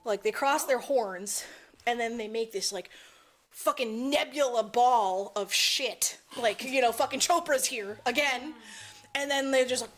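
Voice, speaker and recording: A woman's voice: a little high, a little slow, fairly bright tone. A woman co-hosting a podcast, recapping a movie in a rambling, casual way, full of "like" and swearing. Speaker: podcast co-host.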